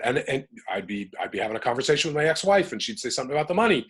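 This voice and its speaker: A middle-aged American man, a guest in an interview, talks emphatically and animatedly as he works through his emotions aloud in reflective personal talk. His husky voice sits at medium pitch, and he speaks very fast.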